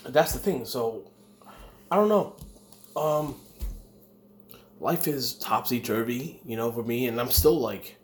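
A man's voice: mid-range voice, lively intonation, slow, pauses often, slight background noise. Blunt, profane man telling stories. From United States. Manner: blunt, profane storytelling with acted quotes. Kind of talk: casual chat.

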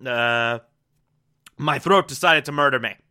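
A man's voice: mid-range voice, measured pace, sharp tone, clean tone. A man giving an enthusiastic, casual recap and review of a TV episode, with sudden asides and the odd swear.

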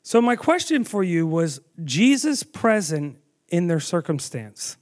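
Animated high-voiced male preacher. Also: unhurried. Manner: animated storytelling, asks the audience questions, acts out quotes. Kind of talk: sermon.

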